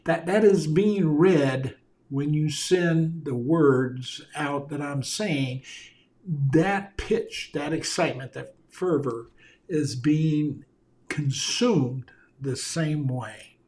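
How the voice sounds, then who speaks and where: A man's voice: on the high side, drawn-out words, a little mellow. A man, a communication consultant, giving an earnest talk straight to camera and repeating key phrases for stress. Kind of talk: direct-to-camera video talk. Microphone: camera mic, speaking to viewers on video.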